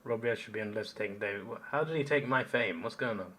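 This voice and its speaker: A man's voice: fairly low pitch, fairly quick, a bit bright. A man hosting a live stream, chatting casually and answering chat comments as he rambles.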